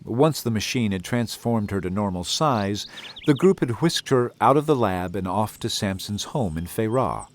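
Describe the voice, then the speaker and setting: A man narrating a children's audiobook in an expressive, dramatic manner. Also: lowish voice, normal speed. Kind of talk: scripted storybook narration.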